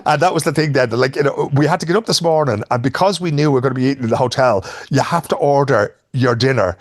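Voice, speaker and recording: A man's voice: mid-range voice, fast, dry recording, studio quality. A man with a Dublin Irish accent, a sports journalist telling long rambling stories in casual podcast chat. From Ireland. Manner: rambling animated storyteller.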